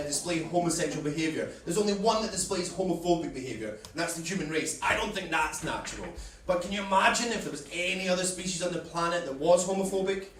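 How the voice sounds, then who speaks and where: High-voiced brash stand-up comedian. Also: male voice. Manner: brash, cheeky, crowd-teasing. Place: comedy club stage. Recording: echoey club from a distance, loud audience laughter.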